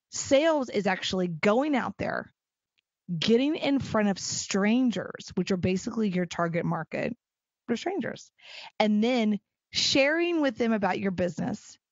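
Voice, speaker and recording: A middle-aged woman hosting a solo podcast. She talks in an animated, emphatic way and repeats phrases for stress. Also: medium pitch, no room sound, dull audio. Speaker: podcast host. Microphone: close mic at a desk chair.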